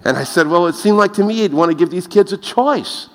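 A man preaching a lively sermon, telling stories and laughing at his own jokes. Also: brisk. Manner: animated, laughs at his own jokes, rises in pitch when excited. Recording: long reverb of a large hall.

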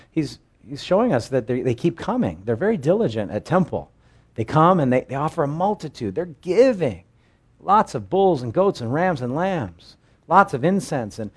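Animated male preacher. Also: a little high, moderate pace, slightly rough. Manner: animated, acts out quoted scripture with emphatic rises and drops; conversational, frequent restarts. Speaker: pastor. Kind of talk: expository Bible sermon.

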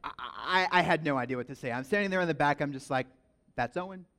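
An animated man preaching a sermon, jumping into stories with emphatic energy. His voice is on the higher side for a man, and he leans hard into his big moments. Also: fast, creaky. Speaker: pastor. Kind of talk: sermon with storytelling.

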